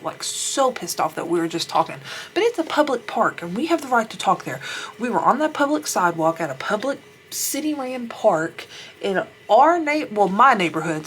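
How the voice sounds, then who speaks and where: A woman's voice: on the low side, a bit bright, a little hiss or hum. Chatty woman telling a wild story. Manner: chatty, rambling, laughs often, swears casually. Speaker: beauty vlogger. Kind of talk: casual storytelling while doing makeup.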